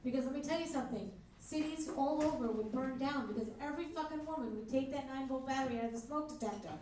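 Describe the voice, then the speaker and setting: A woman's voice: high-pitched, quick pace, dark tone. A woman hosting a comedy club, bantering crudely and mocking herself between acts in front of a live audience. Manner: brash, crude, self-mocking banter with the crowd. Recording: echoey club, distant mic, crowd noise.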